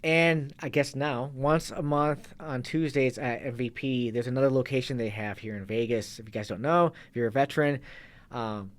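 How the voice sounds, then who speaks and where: At normal speed and medium pitch, a man who coaches fitness and kettlebells rambles loosely as an interview guest in a relaxed conversation. He keeps cutting himself off to restart what he's saying.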